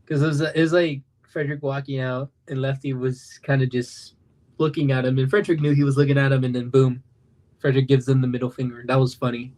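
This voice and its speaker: A man's voice: medium pitch, flat delivery, fast, darkish tone. A young man in his late teens, an animation creator, rambling casually on a livestream. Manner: rambling, loose, self-interrupting.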